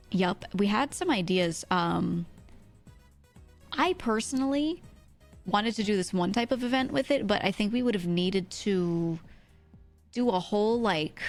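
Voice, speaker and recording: Woman streamer with a scratchy throat. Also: vocal fry. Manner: deliberately speaking softer and lower, chatty. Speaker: livestreamer. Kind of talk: casual chat with stream viewers.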